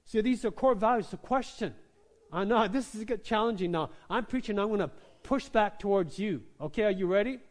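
A male pastor preaching a sermon, who swings between quiet questions and loud, emphatic lines and keeps calling out "Amen?". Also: high voice, fairly quick. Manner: repeats lines, calls out "Amen?" to the congregation.

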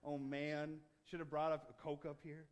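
A man preaching a sermon to his church, moving from relaxed, joking conversation to emphatic, building declarations. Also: on the high side, normal speed. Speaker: pastor.

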